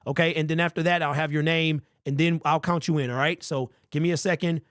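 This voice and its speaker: A man hosting a sports fan call-in show, talking in an energetic, slangy way. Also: a little high, fairly quick, no room sound, clean studio sound. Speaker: postgame show host.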